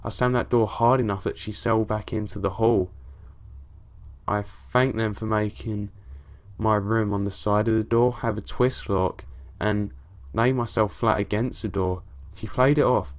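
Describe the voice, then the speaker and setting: Male narrator, lowish pitch, calm first-person horror storytelling, casual swearing. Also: unhurried. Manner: low-key, steady storytelling with casual swearing.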